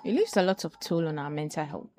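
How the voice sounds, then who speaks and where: A woman's voice: low-pitched, very animated, fast talker, warm tone, a little hiss or hum. A woman speaking as a guest on a mental health discussion, explaining points step by step. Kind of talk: casual discussion panel.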